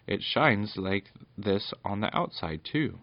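A fretful, mournful storybook companion, voiced by a man reading aloud. He worries over every danger in a deep, gravelly tone. The recording is dry and slightly muffled. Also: expressive, slow pace, no room sound, heavily acted. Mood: nervous. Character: nervous small helper Popoff, mournful.

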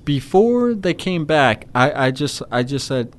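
A man co-hosting a casual sports podcast, talking in halting starts and restarts. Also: on the high side, very animated. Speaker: podcast co-host.

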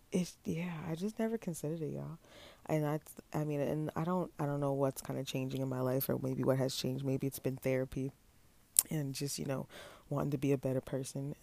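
A man's voice: on the high side, creaky, dark tone, no room sound. A man hosting his own podcast, talking casually and at length to his listeners, often restarting his sentences and addressing them as y'all. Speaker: podcast host. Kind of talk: casual solo podcast monologue.

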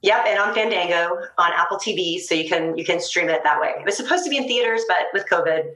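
A chatty woman talks in a casual interview, lively and quick to laugh. Her voice sits a little low for a woman. The room around her rings with a clear echo. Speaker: actress guest. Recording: roomy echo.

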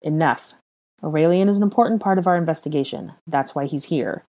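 A woman reading as a stern young wizard investigator, blunt and businesslike. His voice sits low and darkly mellow as he presses for answers in a storybook reading. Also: animated, fairly quick. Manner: firm, blunt and demanding.

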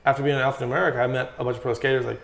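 A man's voice: mid-range voice, racing, gravelly, reverberant. A man talking as a guest pro BMX rider in a casual podcast chat, telling stories with lots of swearing. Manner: profane, animated storytelling.

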